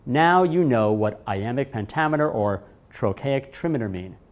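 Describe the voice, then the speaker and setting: A man narrating a scripted lesson, speaking in a measured way and stressing key words. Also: medium pitch, expressive. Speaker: teacher.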